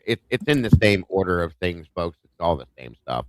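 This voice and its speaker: A man's voice: low-pitched, sing-song, a little fast, background noise. A man hosting a live-stream chat show, talking straight to his viewers in an emphatic way. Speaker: show host.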